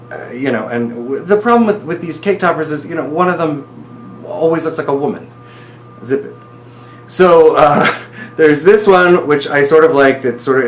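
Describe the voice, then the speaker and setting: A young man recording a casual video diary for his partner, talking in an excited, emotional, rambling way. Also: medium pitch, reverberant.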